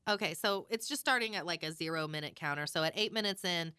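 Bright, crisp-voiced woman podcast co-host. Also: fairly low pitch, fast talker, no echo, studio quality. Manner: recounting a transcript with frequent "like" and "um". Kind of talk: casual true crime chat.

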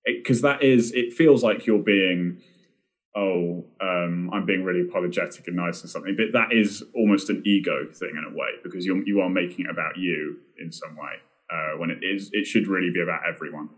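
A man's voice: low-pitched, fairly quick. A young man chatting casually on a podcast, rambling and self-deprecating with plenty of fillers and restarts. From Britain. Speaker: film director and podcast guest.

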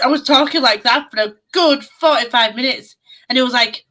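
A woman from the UK co-hosting a podcast, chatting in a lively way and swearing casually. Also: sits high, moderate pace, poor audio. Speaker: podcast co-host. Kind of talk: casual chat.

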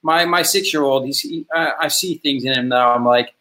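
A man talking in a lively, chatty way in a casual podcast conversation, often checking in with "right?". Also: mid-range voice, moderate pace, slight background noise. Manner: animated, chatty, tags lines with "right?".

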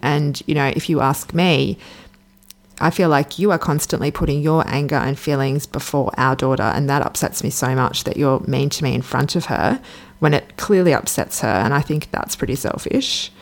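A woman's voice: low-pitched, normal speed. An Australian woman from Sydney hosting a solo podcast, telling a personal story in a candid, chatty way that drifts off track. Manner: candid, chatty, prone to digressions. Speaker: podcast host.

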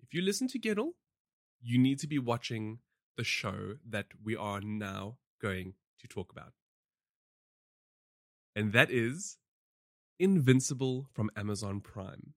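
A talkative man co-hosting a podcast, giving his take on films and shows in loose, animated chat. His pitch sits mid-range for a man, and the recording is close and dry with no room sound around him. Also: a little slow, long pauses, dry recording. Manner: animated and talkative, with many fillers and restarts. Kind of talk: casual review chat.

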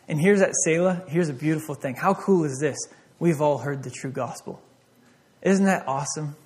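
Male pastor, slightly high voice, conversational sermon that acts out dialogue. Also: moderate pace, a little mellow.

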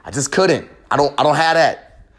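A young man pours out a raw confessional monologue on his own podcast. His voice sits a little high, and he swears constantly. He rambles and repeats himself as his passion builds. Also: lively intonation, normal speed. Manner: profane, impassioned, rambling. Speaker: podcast host.

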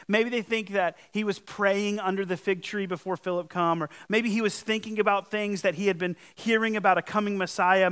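A man's voice: sits high, a bit bright. Earnest, conversational male preacher. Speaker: pastor. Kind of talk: sermon.

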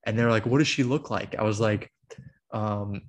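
A man's voice: on the low side, moderate pace. A man hosting a podcast, telling a long story in casual chat, with lots of filler words and quoted dialogue. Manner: rambling storytelling full of "like" and acted quotes. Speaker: podcast host.

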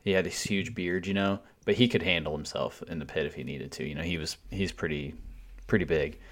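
A man with a very low voice tells a story on a podcast, blunt and loose, dropping swear words without a second thought. The delivery is relaxed, conversational and unpolished. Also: brisk. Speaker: podcast co-host. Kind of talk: casual profane storytelling.

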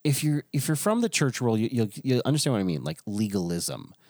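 A man's voice: mid-range voice, sing-song, a little fast, darkish tone, no room sound, clean studio sound. A man who is a pastor, telling a story in casual chat with restarts and frequent chuckles.

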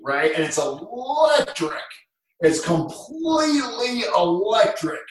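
A man who was a dean of students, telling stories in a casual chat, animated and swinging from hushed tones to loud bursts. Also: medium pitch, moderate pace. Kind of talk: casual storytelling in conversation. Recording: echoey room, distant mic.

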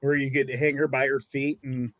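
A man's voice: medium pitch, flat delivery, normal speed, a bit bright, no room sound. A man in a casual podcast chat, joking darkly in a laughing tone.

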